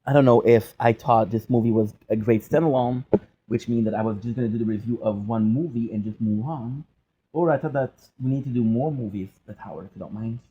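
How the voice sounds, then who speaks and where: A young man who vlogs about gaming and movies delivers a loose, joking monologue, rambling, cutting himself off and now and then singing bits of songs. His mid-range voice is brisk, dark in tone and slightly rough, over a rough recording.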